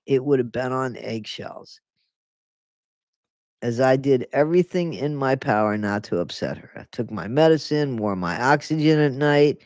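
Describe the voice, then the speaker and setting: A woman streamer reading a book aloud and breaking off for sarcastic, animated commentary. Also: rumbling low, no echo, clean studio sound. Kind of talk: casual read-aloud with running commentary.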